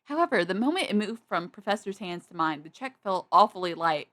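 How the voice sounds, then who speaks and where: A woman playing through a visual novel, reading its text aloud and loudly scolding the characters in exasperation. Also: mid-range voice, a little fast. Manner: animated, yelling in exasperation at characters. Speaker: game streamer.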